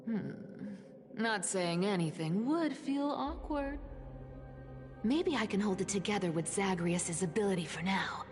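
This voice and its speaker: A woman's voice: medium pitch, expressive, unhurried, close to an everyday voice. An actress voicing a sly, scheming young female thief in a video game, giggly and mischievous as she talks to herself. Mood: gleeful. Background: game music.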